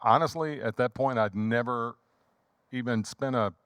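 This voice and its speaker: A man's voice: medium pitch, normal speed, clear, resonant tone, no echo. A man in his thirties from Louisiana with a Southern accent, telling a story as a guest in a casual chat. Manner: animated storyteller who acts out quotes. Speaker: guest, funeral home owner.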